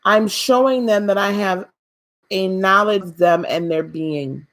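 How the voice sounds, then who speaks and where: A woman with a medium-pitched voice and measured pace leads an inspirational spiritual talk on a live stream. Her delivery is gentle and preacherly, repeating key phrases for emphasis as she speaks warmly and directly to viewers, calling them beloved.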